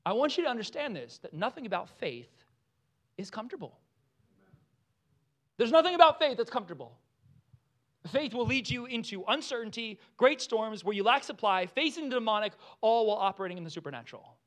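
A man preaching a sermon, animated, acting out the lines with voices and laughing often. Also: high voice, fairly quick. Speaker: pastor.

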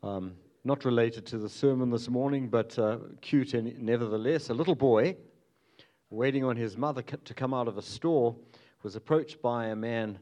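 A man leading a church sermon as its pastor, telling stories in a relaxed, chuckling way. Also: mid-range voice, moderate pace. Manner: easygoing, chuckling storyteller. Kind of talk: sermon with opening jokes.

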